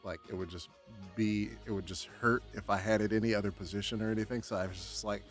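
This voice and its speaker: A man's voice: on the low side, fast, soft background music. A young man vlogging casually, telling a story with lots of laughs and acted-out reactions. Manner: animated, laughing, acts out his own shouts.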